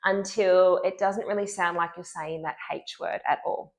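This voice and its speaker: A woman speech pathologist giving an instructional lesson, clearly and deliberately modeling speech sounds. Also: lowish voice, fairly even intonation.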